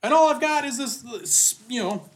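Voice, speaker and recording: A man's voice: very high-pitched, animated, moderate pace. A young man and podcast co-host in casual chat, hesitant and sometimes exasperated, with many fillers.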